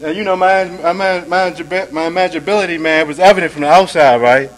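Speaking a little fast, a man gives a recovery testimony at a meeting in a relaxed, conversational way, tagging phrases with "man," "right?" and "you dig?" He alternates hushed passages with emphatic ones; the audio is poor, with slight background noise.

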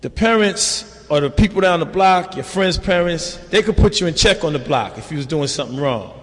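A man's voice: on the high side, lively intonation, fairly quick, fairly bright tone. Streetwise older New man in a hall. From New York. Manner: streetwise, loose and conversational, constant "you know". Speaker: speaker sharing at a recovery meeting. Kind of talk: recovery testimony. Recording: reverberant hall.

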